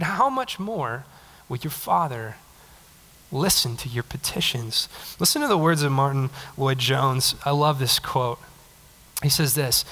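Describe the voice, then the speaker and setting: A young man preaching a casual, conversational sermon, animated, acting out little quotes. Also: high voice, in a large hall. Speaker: pastor. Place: church sanctuary.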